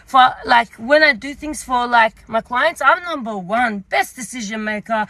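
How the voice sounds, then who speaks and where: A woman's voice: on the high side, a little slow, few pauses, pushed and bright, no echo. A young woman with an Australian accent telling a storytime rant in a chatty, rambling way full of fillers. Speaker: vlogger.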